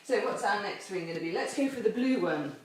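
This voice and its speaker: A woman's voice: medium pitch, animated, fairly quick. Cheerful woman leading a kids' assembly. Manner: cheerful, playful, explains step by step. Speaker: chapel children's assembly leader. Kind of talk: home video children's lesson. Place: home with garden course, indoors and out. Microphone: camera held by a helper some distance off. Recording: echoey, distant camera mic, faint noise.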